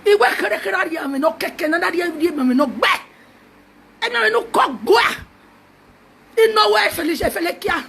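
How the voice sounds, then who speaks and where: A Nigerian woman shouts a mocking, heated rant, hopping between languages. Her voice sits very high, with a sharp, gravelly edge. She taunts as she goes. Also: animated, moderate pace, pauses often, slight background noise. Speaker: social media personality.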